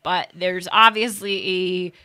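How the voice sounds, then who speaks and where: A woman's voice: lowish voice, fairly even intonation, slow pace, pushed and bright. A woman guest on a talk radio show, chatty and full of fillers as she explains policy.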